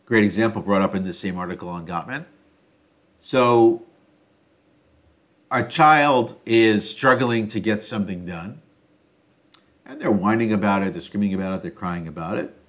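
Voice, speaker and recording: A man's voice: on the low side, moderate pace, long pauses. Man talking through a self-help topic. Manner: thinking aloud, loose and hesitant, many fillers and restarts, varying loudness. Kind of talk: reflective solo talk on self-help.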